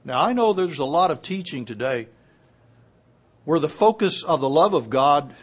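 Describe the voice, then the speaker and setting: Man preaching, hushed to booming. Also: animated, moderate pace, husky. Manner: swings from hushed to loud emphatic preaching. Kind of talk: sermon.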